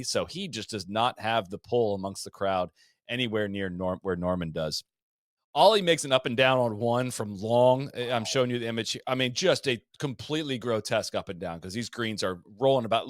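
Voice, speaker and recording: A man co-hosting a podcast, telling golf history in a loose, animated way, full of fillers and restarts. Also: lowish voice, no room sound, studio quality. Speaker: podcast co-host. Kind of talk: casual golf history chat.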